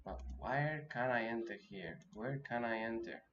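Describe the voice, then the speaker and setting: A man giving live commentary as he day trades, thinking aloud and talking himself through his nerves with halting restarts. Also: medium pitch, a bit bright. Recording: dull lo-fi audio with faint noise.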